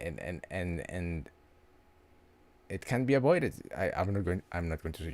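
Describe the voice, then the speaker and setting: A man chatting casually on a livestream, halting and restarting his words often. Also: sits low, big pitch swings, no room sound. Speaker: livestream host.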